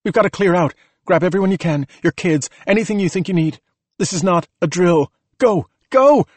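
A man voicing a tough woman leader who shouts urgent orders during a crisis. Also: on the high side, a little fast, no room sound, voice pushed up, lightly acted.

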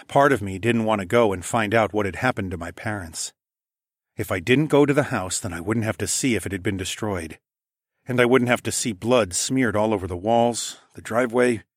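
A low-pitched male voice reads a first-person story in a quiet, intimate tone. The recording is dry and close, with no room sound at all. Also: no room sound. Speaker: audiobook narrator.

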